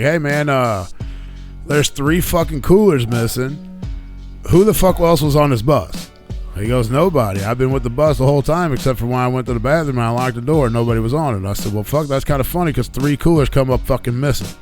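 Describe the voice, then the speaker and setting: A man hosting a live radio show, telling a story in a casual, profane, animated way and getting heated when he quotes himself. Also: mid-range voice, a little fast, faint music behind.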